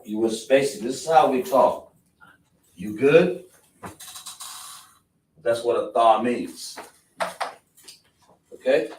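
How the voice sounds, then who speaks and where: A man's voice: mid-range voice, slow pace, pauses often, darkish tone, slight background noise. Echoey distant male teacher quizzing a class. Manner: repetitive, question-and-answer teaching style. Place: classroom with a board.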